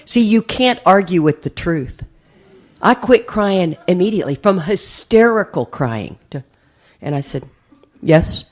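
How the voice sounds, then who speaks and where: Her voice is lowish and unhurried as she tells a humorous personal story at a recovery meeting. Animated and laughing often, she imitates the voices of others throughout.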